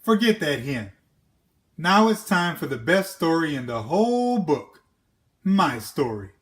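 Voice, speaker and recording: A man, an educator, reading a children's storybook aloud with an expressive, animated manner. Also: on the high side, measured pace.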